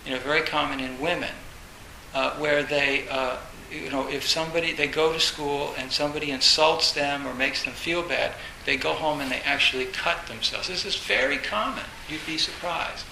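A man's voice: on the high side, normal speed, creaky, slight background noise. Man giving a rambling, echoey Zen talk. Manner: rambling, repeats phrases, many fillers; acts out inner voices, bursts loud. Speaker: Zen teacher. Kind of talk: dharma talk.

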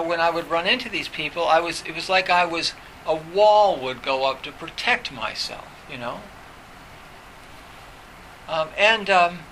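A middle-aged professor talks through old memories with candid reflection. His voice sits a little high for a man and has a very bright, sharp edge. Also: a little hiss or hum, low-quality recording. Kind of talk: personal recollection in conversation.

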